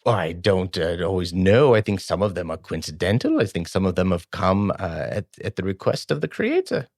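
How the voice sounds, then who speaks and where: A man voicing a friendly, eager male halfling innkeeper in a high, welcoming voice. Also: sing-song, a little fast, a little mellow, dry recording, studio quality, full character voice.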